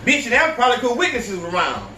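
Podcast host, high-pitched man, profane animated ranting, echoey room with faint hiss. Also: fast talker, distant mic. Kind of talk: profane reaction commentary.

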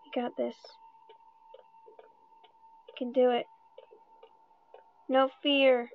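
Sighing, pleading and trash-talking through the jump scares, a young woman gives scared commentary on a horror game. She talks extremely slowly in a high, flat voice with frequent pauses, and the phone-mic screen recording sounds tinny.

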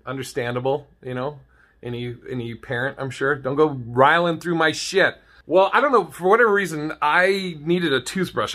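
A man's voice: medium pitch, fairly bright tone. A young man telling a story in a laid-back, profane and jokey way as a vlogger. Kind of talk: casual storytelling to camera.

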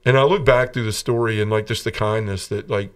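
A middle-aged man, a podcast guest, telling his personal testimony in an earnest way, often restarting his sentences and going quiet when he quotes others. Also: on the low side, fairly even intonation, a little fast, smooth, distant mic.

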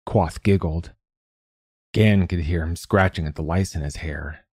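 A male narrator reads a fiction story in a very low, dark, husky voice, keeping a measured and even pace. The recording is dry and close, with no echo.

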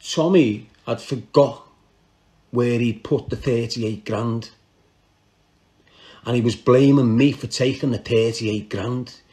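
Man, scouse accent, casual storytelling, slangy, laughs a lot, mid pitch. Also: takes it slowly, long pauses. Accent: Liverpool (Scouse). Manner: animated, laughs often, slangy, restarts mid-sentence. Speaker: podcast storyteller. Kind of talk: casual true-crime storytelling.

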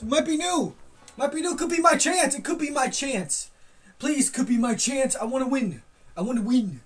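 A gaming YouTuber giving loud, excitable commentary, yelling and swearing at opponents while playing. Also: high-pitched, normal speed, breathy edge, distant mic, soft background music.

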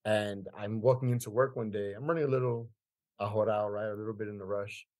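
A man's voice: on the low side, steady tone, quick pace, a little mellow. A man in his fifties, from Queens, telling a personal story as a podcast guest in an emphatic way, repeating phrases for weight. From Queens, New York. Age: 50s. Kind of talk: conversational storytelling.

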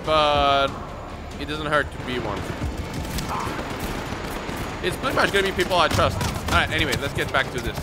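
A young man hosting a gaming channel, giving excitable let's play commentary with loud whoops and shouts. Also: fairly high pitch, moderate pace, pauses often. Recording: game music playing underneath.

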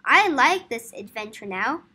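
A woman's voice: a little high, big pitch swings, unhurried, sharp tone, husky, full character voice. Kipper, a woman voicing an eager little boy. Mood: excited. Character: small excited boy on a shrinking adventure.

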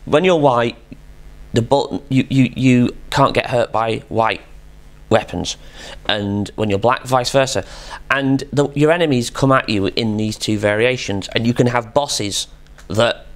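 A man's voice: mid-range voice, unhurried. A British man hosting a retro gaming channel, telling a rambling, jokey story with self-deprecating asides.

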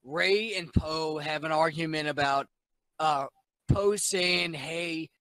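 A tipsy man in casual chat, retelling a movie plot in a rambling, profane, animated way. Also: fairly high pitch, slow, no room sound, rough recording. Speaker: podcast guest.

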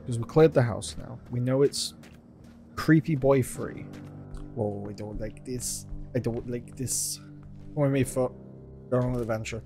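Jumpy swearing man playing a game. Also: mid-range voice. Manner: jumpy, swears often, talks to himself and to game characters. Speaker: gaming video host. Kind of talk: let's play commentary.

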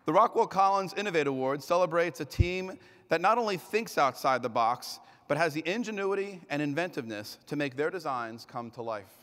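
A man emceeing an award ceremony on stage, announcing loudly and energetically, with the occasional slip and self-correction, heard through an echoing arena sound system. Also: on the high side, animated, fairly quick.

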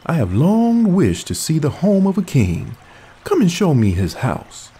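A man's voice: a little high, wildly swooping pitch, unhurried, warm tone, slightly rough, voice pushed up, exaggerated voice. A man voicing a curious male bear in a storybook read-aloud, lifting his voice.

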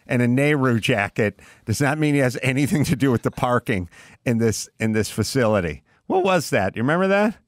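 A man hosts a podcast with loose comedic banter, riffing fast and swearing casually. His voice sits at a middle pitch. It is recorded close and dry in a studio. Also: expressive, no echo. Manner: riffing, swearing, quick jokes. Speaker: podcast host.

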